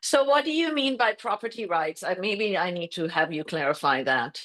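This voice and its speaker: A woman's voice: fairly low pitch, expressive, moderate pace, fairly bright tone. A woman hosting a podcast interview, asking brief questions. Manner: brief questions and short affirmations. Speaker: podcast host. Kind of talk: casual interview.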